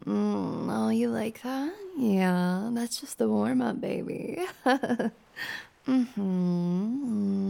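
A woman's voice: fairly high pitch, drawn-out words, gravelly, mellow. A woman performing an erotic audio role-play in a dominant, teasing manner, often dropping to a whisper.

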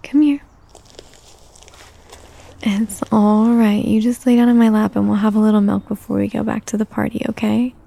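A young woman in a caretaker role-play audio, soothing and coaxing with some gentle scolding, sometimes dropping to a soft whisper. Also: mid-range voice, level tone, normal speed, gravelly, long pauses. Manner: drops to soft whispers at times.

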